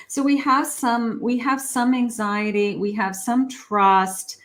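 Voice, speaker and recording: A woman's voice: a little high, steady tone, takes it slowly, a bit bright. A woman, a psychic, giving a rambling, casual tarot reading with many fillers. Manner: acts out lovers' quoted lines.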